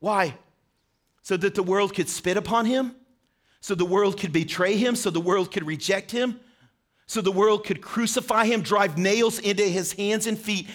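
A man's voice: high voice, normal speed. A man preaching a short sermon, earnestly asking questions and speaking directly to his listeners. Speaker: pastor.

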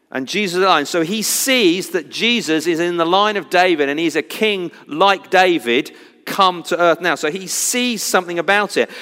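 Bright-voiced preacher in a ringing hall. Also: male voice, high-pitched, smooth. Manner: animated, swings from loud cries to hushed intensity. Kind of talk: sermon.

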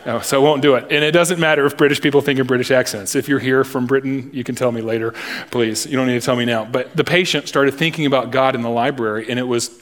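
A male pastor preaching a sermon, emphatic and deliberate, with humorous asides. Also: medium pitch, steady tone.

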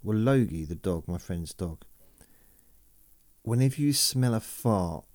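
A man's voice: fairly low pitch, animated, a little slow, darkish tone, no room sound, studio quality. A man hosting a sleep podcast, rambling and self-mocking as he reads listener messages aloud. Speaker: podcast host.

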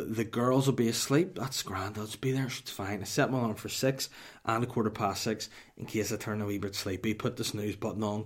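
A man, telling a profane, rambling comic story on a podcast. His voice sits slightly low, and he jokes his way through the tale in a loose, casual way.

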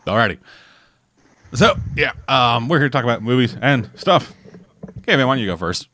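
Guy hosting a movie podcast, fast talker, bouncy voice, jokey. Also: mid-range voice, slight background noise. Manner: joking, lively banter. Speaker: podcast host. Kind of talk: casual podcast chat.

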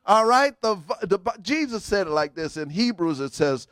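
Man, middle-aged, pastor, high voice, dry close sound, call-and-response sermon, shouted emphasis. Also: very animated, normal speed, few pauses, clean tone, dry recording.

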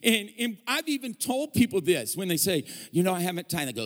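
Male pastor, fairly high voice, comic storyteller, church stage mic, big reverberant hall. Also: big pitch swings, fairly quick, few pauses, a bit bright. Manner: humorous, storytelling preacher with call-and-response. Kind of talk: sermon.

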